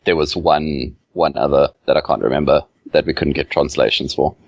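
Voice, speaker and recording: A man's voice: a bass voice, fairly even intonation, normal speed, no room sound. A man, a game developer guest, chatting casually on a podcast, rambling with many fillers. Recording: dull lo-fi remote audio.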